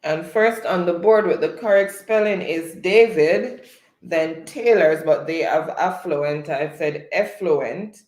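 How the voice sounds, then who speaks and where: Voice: medium pitch, darkish tone, roomy sound. A quiz host running a live spelling game, chatting casually and reading viewers' comments aloud. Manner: unhurried, chatty, reads out comments.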